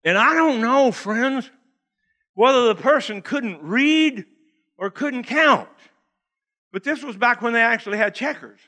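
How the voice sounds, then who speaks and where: Male preacher, high and bright, folksy humor, laughs a lot. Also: lively intonation, unhurried, long pauses. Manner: folksy, joking, laughs often. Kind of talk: humorous sermon. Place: church.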